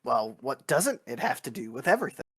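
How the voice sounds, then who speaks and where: A man's voice: medium pitch, very animated, brisk, fairly bright tone, husky. A man voicing a stern political officer who lectures in a formal, pedantic way, his voice rising and falling widely as he argues. He treats every exchange in the tabletop role-play as a debate about consensus and doctrine. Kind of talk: in-character role-play chat.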